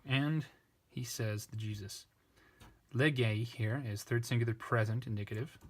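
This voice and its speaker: A man's voice: mid-range voice, fairly even intonation, a little slow. A man tutoring a parsing lesson, working step by step, thinking aloud and correcting himself as he goes. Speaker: language tutor.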